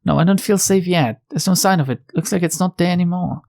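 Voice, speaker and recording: A frightened young detective heroine from a mystery game, stammering and pleading for help in a low, gravelly voice, as a woman reads her lines aloud. Her voice jumps high when the panic hits. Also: brisk, darkish tone, slight background noise. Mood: tense. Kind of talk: reading a visual novel's lines aloud.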